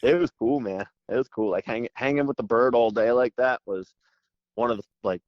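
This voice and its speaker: A man's voice: mid-range voice, no room sound. Fired-up man on a dull phone line. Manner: excited, rapid rambling, constant "dude". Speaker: podcast guest. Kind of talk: animated storytelling. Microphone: phone call.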